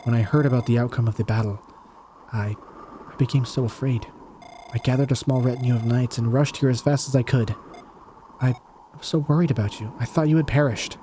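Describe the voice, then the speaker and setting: A man's voice: medium pitch, fairly even intonation, fairly quick, mellow, a little hiss or hum, natural voice. A man voicing an anxious young noblewoman who pleads with her lord to be careful. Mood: frightened. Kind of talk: fan audio drama acting.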